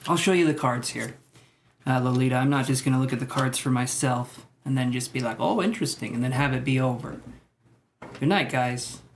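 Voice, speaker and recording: A man's voice: medium pitch, fairly even intonation, fairly quick, a little hiss or hum. A man reading tarot cards for viewers on a live stream, chatting casually and joking about himself. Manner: joking, self-mocking, chatty. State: out of breath. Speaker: tarot reader.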